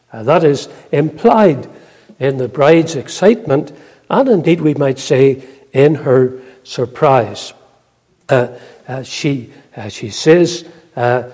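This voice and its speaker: A man preaching a sermon, reading scripture in a measured, solemn way, then expounding with frequent "uh" fillers. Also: a little high, mellow, slightly rough, big-room sound.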